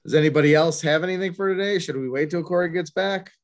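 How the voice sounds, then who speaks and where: A man's voice: on the high side, quick pace. A man hosting a podcast in casual chat, laughing easily and wrapping up the episode. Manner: laughs easily, wraps up the show. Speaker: podcast host.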